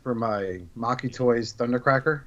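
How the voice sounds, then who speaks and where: A man's voice: mid-range voice, normal speed. A man co-hosting a loose podcast, cracking crude jokes and swearing often. His voice sits in an ordinary middle register. The recording is muffled and lo-fi. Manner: profane, joking. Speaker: podcast co-host. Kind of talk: casual podcast banter.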